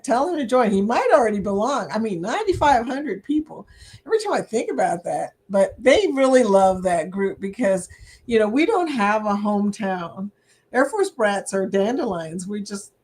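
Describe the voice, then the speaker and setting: A middle-aged woman hosting a casual livestream chat, reading viewer comments aloud and laughing often as she talks. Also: mid-range voice. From United States. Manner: laughs often, chatty and animated.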